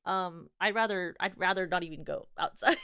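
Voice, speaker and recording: A young adult woman streamer chats casually, rambling through stories with many fillers and restarts and laughing as she goes. Her voice is fairly low and clean, at a measured pace, recorded at studio quality with no echo. Her storytelling is animated and giggly.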